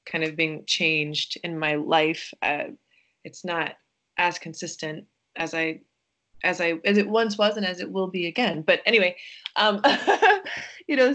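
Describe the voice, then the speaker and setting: A woman with a slightly low voice speaks as a podcast guest. She is gentle and reflective, and she often pauses and hesitates as she works out her thoughts.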